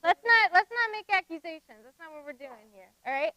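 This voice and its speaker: A woman facilitating a workshop, running a group acting game with brisk, directive instructions. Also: very high voice, lively intonation, pushed and bright.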